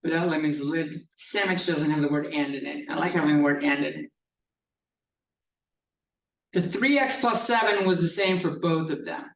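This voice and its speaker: A man's voice: fairly high pitch, moderate pace, vocal fry, long pauses, fairly bright tone, a little hiss or hum. A male math professor giving a classroom lecture, explaining step by step in a casual style with some swearing. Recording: echoey classroom from a distance.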